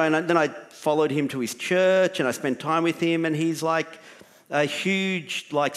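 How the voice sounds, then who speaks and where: A man's voice: mid-range voice, fairly bright tone. A man, an author on a writers' panel, telling a long story in a casual, rambling way with many restarts and fillers.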